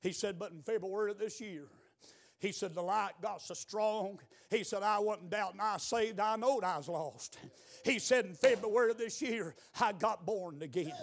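A man preaching a revival sermon in a church, moving between quiet storytelling and shouted exhortation. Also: high-pitched, moderate pace, vocal fry. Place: church building.

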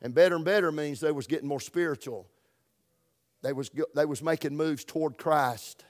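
Southern preacher guy, middle-aged, folksy and emphatic, bit higher voice, goes loud then soft. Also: normal speed. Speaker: pastor. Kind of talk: sermon.

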